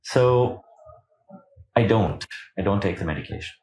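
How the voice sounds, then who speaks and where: A man's voice: on the low side, unhurried. A man as a podcast guest, telling his own story candidly and animatedly, acting out what people said to him. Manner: animated, acts out quoted lines, laughs between points. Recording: roomy echo.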